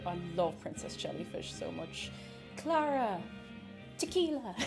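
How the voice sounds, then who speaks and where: A woman's voice: a little high, a little mellow. An Irish woman streaming live as she bakes, chatting in a rambling way and greeting viewers from chat. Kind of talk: casual chat while baking on stream.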